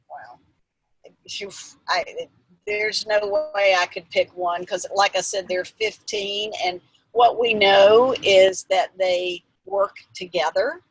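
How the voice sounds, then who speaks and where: A woman's voice: mid-range voice, fairly even intonation, slow pace, low-quality recording. A woman guest expert explaining emotional skills in an earnest, instructive way, with restarts and fillers. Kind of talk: explanatory interview answers.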